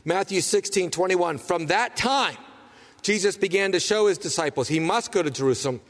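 A man preaching a sermon as pastor, emphatic, asking rhetorical questions and swinging from loud to hushed. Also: high voice, expressive, moderate pace, in a large hall.

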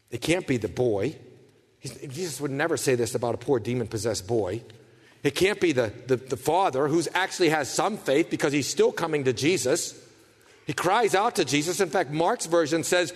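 Male preacher, high voice, dramatic delivery, long hall echo. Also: expressive, a little fast, husky. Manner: dramatic, swings from hushed to fervent. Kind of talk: sermon.

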